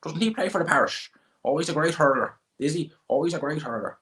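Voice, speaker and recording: A high, sing-song old Midlands Irish farmer, as a man puts him on for a livestream bit, blunt and nosy, trading pub gossip. The voice sits well above the speaker's own low register, and the brogue is laid on thick. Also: animated, quick pace, a bit bright. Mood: gossipy. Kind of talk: comic impression on a livestream.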